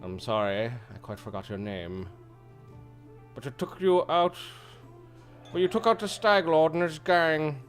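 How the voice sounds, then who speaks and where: Man putting on a snobbish baron voice, pompous, drawn out, raised pitch, slow and lazy. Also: expressive, faint music behind. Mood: haughty. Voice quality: pompous, drawling. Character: haughty arrogant male baron noble.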